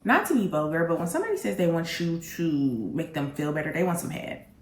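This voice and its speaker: A woman's voice: low voice, a little fast, echoey room. A woman candidly telling her dating stories in a sassy, humorous way, talking straight to her viewers. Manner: animated, sassy, humorous, addresses viewers directly. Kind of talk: candid storytelling.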